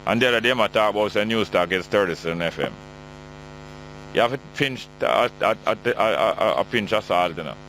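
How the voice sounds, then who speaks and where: A man's voice: fairly low pitch, lively intonation, fairly quick, a bit bright, a little hiss or hum, rough recording. A middle-aged man with a Jamaican accent hosting a call-in radio talk show, chatty and joking as he reads out listener texts.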